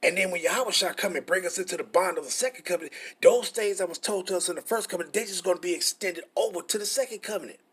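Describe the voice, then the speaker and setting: A man's voice: high voice, fast, hardly any pauses, a bit bright, slightly rough. A middle-aged man, teaching scripture in a frustrated, profane, repetitive way. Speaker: preacher.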